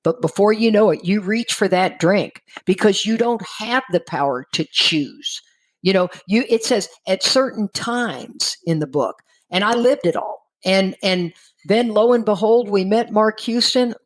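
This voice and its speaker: A woman's voice: medium pitch, unhurried, poor audio. Candid middle-aged woman telling her story. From Texas. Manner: candid storyteller, acts out quoted dialogue. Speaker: guest speaker in recovery. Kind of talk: personal recovery testimony.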